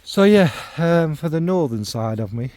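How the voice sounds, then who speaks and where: With lively intonation and a warm tone on the high side, a middle-aged fragrance vlogger from the North Midlands of England talks at normal speed. His casual monologue about fragrances is rambling and self-deprecating, packed with ums and asides.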